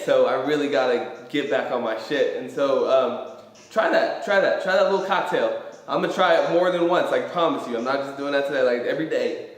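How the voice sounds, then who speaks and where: Young male host, casual motivational rambler, profane, hall reverb. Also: medium pitch. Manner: emphatic, rambling, swears freely. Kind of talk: motivational live-stream talk. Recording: very echoey hall.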